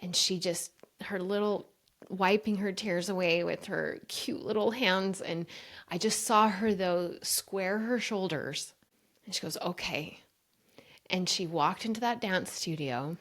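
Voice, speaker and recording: In a mid-range voice at a measured pace, a woman brain coach tells her own story as a podcast guest, earnest and emotional throughout. She's a lively storyteller who performs quoted dialogue and keeps calling listeners "you guys."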